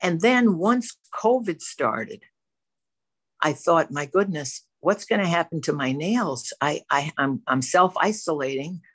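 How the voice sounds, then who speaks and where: A woman's voice: deep voice, lively intonation, a little slow, breathy edge, no echo. Candid woman sharing her recovery story. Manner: candid, storytelling, self-reflective. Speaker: twelve-step program member. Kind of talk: personal recovery share. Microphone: facing a camera.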